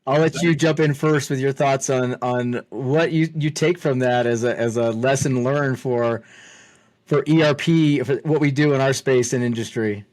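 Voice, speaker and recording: A man's voice: mid-range voice, moderate pace, a little mellow. A man co-hosting a casual business talk show, chatty and upbeat, often restarting his sentences. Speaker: co-host. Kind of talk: casual business podcast chat.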